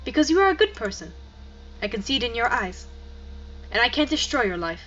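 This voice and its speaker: A woman voicing a gentle, sorrowful male wizard gatekeeper with a soft, resigned, consoling way of talking, read aloud from a game. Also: fairly high pitch, sing-song, a little fast, dull audio, voice pushed down. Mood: gentle, sad.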